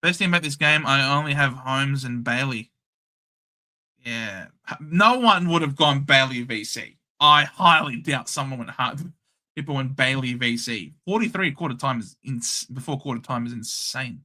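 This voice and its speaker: Excitable Australian man calling a match. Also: mid-range voice, moderate pace. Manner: chatty, excitable, blunt. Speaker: host. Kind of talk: casual live match commentary.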